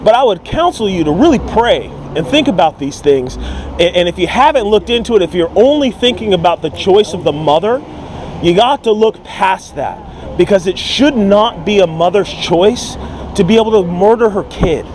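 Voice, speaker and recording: A man's voice: high-pitched, lively intonation, moderate pace, darkish tone, slight background noise, low-quality recording. A man preaching on a city street, earnest and pleading, often repeating his words. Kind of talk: open-air street preaching.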